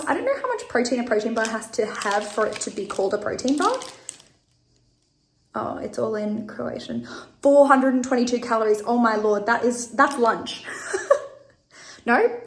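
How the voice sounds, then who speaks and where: Walking home outside at night, a bubbly young Australian woman chats into her phone for a casual travel vlog, her nose runny and her voice a little stuffy. Her pitch is on the high side, with slight background noise.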